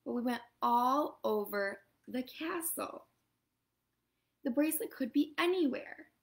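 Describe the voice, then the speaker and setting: A woman voicing a gentle, gracious young princess in a storybook. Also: high-pitched, expressive, a little slow. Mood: worried.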